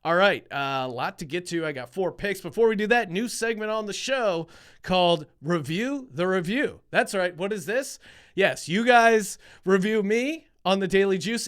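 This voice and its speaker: A man's voice: sits high, fairly bright tone, smooth. A man from Philadelphia hosting a sports-betting podcast, chatty and joking, with frequent restarts. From Philadelphia, USA. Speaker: podcast host.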